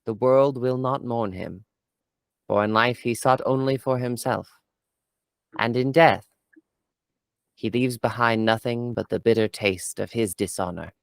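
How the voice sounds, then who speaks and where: A man's voice: mid-range voice, vocal fry, no room sound. A man playing a grave horned adventurer. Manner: measured, formal and grave. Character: solemn horned adventurer giving a stern eulogy.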